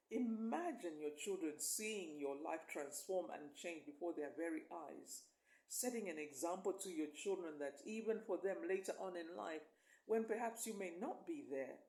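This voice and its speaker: A woman coach speaks straight to camera in an emphatic, coaxing way, her pitch swinging widely as she presses each point. She keeps drawing the listener in with quick check-ins. The sound carries a noticeable echo from the room. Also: vocal fry, mellow. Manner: emphatic, coaxing, often asks "right?". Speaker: life and visibility coach. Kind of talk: motivational talk to camera.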